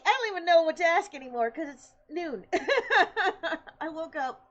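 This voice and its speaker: A woman's voice: extremely high pitch, lively intonation, a little slow, long pauses, fairly bright tone, dull audio. A young woman streamer in casual chat, chatty and laughing often as she tells stories.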